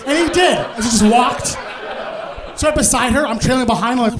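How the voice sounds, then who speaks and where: A Canadian stand-up comedian spins a long story with a high voice. His delivery is animated and punchy, and he shouts out the punchlines. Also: brisk, a crowd in the background.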